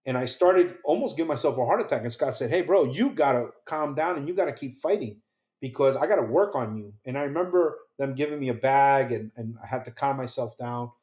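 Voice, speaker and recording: A man, a guest on a show, talks through his own story in a mid-pitched voice. He is earnest and acts out what others said, then drops very soft at the hardest moments. The room around him is roomy and echoey. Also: animated, brisk. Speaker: podcast guest, survivor telling his story. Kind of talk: emotional first-person storytelling.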